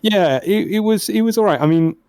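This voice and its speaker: A man's voice: sits high, brisk, a little mellow, clean tone, no room sound. A man giving a casual flight sim debrief as flight lead, modest and self-deprecating.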